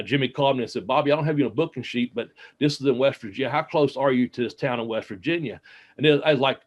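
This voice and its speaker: Male interview guest, casual storyteller, mid-range voice, loose and chatty with frequent fillers. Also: medium pitch. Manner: rambling anecdotes with many fillers and quoted dialogue. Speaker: interview guest, former wrestler.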